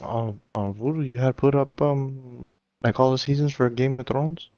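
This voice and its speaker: A man's voice: medium pitch, fairly even intonation, moderate pace, dry recording. A young man in casual chat, rambling and slangy, often laughing through his stories. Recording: dull, dry sound.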